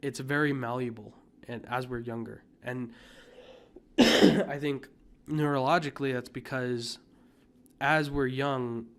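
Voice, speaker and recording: Young man, casual podcast chat, rambling with fillers, mid-pitched voice. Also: fairly even intonation, takes it slowly, a bit bright. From United States. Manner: rambling, many fillers and restarts, coughs now and then. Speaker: podcast co-host.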